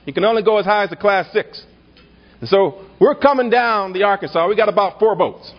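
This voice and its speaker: Male political speaker with a high, husky voice and a stirring, refrain-heavy delivery, on a dull lo-fi banquet recording. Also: a little fast. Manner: builds to rhetorical refrains, tells a humorous anecdote. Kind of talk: rousing political dinner speech. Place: banquet hall at a party dinner.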